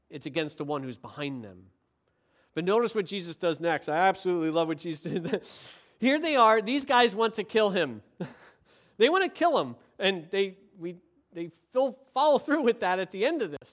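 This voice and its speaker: Guy preaching, kinda high voice, gets really fired up then goes quiet. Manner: passionate, swings from quiet to excited. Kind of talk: sermon.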